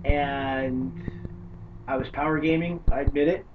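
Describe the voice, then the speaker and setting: A man chatting casually about tabletop horror games, an animated storyteller who swears freely. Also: mid-range voice, measured pace. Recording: distant dull mic with faint background noise.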